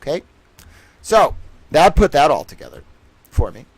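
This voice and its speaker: Profane, excitable young streamer. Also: male voice, a little high, moderate pace, husky, no room sound. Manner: profane, joking, excitable, laughs often. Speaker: livestream host. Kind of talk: rambling livestream monologue.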